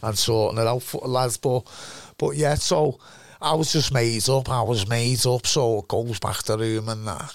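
A gravelly, fry-edged voice with a broad Scouse accent, a middle-aged ex-footballer rambling through old match stories. He swears freely, drops "lad" every few words and talks in loose, looping sentences. The sound is dry and close, with no room around it. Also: medium pitch, steady tone, normal speed, dry recording. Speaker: former footballer guest. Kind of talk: casual storytelling chat.

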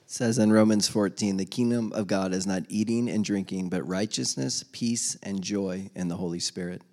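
A man leading a church sharing time, relaxed and encouraging, quoting scripture and calling on the next speaker. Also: fairly low pitch, normal speed, a faint crowd. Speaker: group leader.

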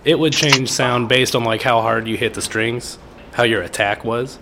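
A man's voice: mid-range voice, normal speed, gravelly, noisy background. A young adult man co-hosting a podcast, joking and bantering in a casual chat. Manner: joking, playful, animated. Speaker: podcast co-host.

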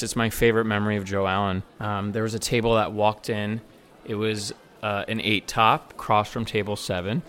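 A man who works as a bartender and server, telling a personal story in a casual, animated way and acting out the dialogue he quotes. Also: fairly low pitch.

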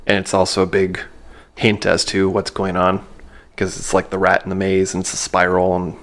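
Male podcast co-host, low pitch, rambling trivia talker who corrects himself often. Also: monotone, moderate pace, fairly bright tone. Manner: rambling, many fillers, self-correcting, laughs easily. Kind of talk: casual chat about a film.

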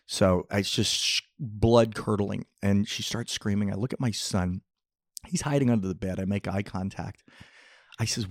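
A man's voice: lowish voice, normal speed, dry recording, clean studio sound. A middle-aged man hosting a podcast, telling long rambling jokey stories in casual chat. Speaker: podcast host. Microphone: podcast mic, close.

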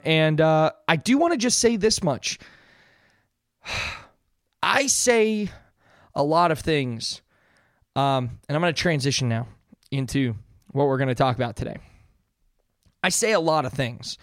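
A man's voice: a little high, dry recording, clean studio sound. A man in his thirties hosting a casual solo podcast, talking earnestly in a rambling way with many fillers and restarts. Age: 30s. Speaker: podcast host.

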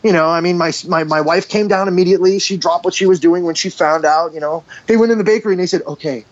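A man in his forties with a high-pitched voice tells a story in a casual, animated way, saying "dude" and "like" all the time. The audio is muffled and lo-fi. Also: quick pace. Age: 40s. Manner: animated, heavy use of "dude" and "like". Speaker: guest.

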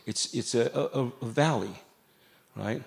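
A man's voice: medium pitch, slow pace, vocal fry. Man preaching a casual, jokey sermon. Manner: conversational, jokey preaching with asides to the congregation. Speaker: pastor. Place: church sanctuary.

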